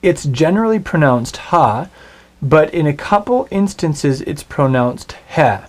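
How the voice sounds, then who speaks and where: A middle-aged man teaching a recorded Hebrew lesson, patient and clear, slowing down to spell out Hebrew words. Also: fairly high pitch, animated, a little mellow.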